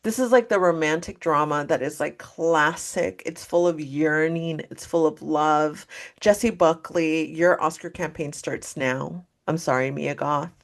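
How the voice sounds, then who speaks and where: A woman co-hosting a casual pop culture podcast, gushing and animated, swearing freely as she tells a story. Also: low-pitched, unhurried. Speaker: podcast co-host.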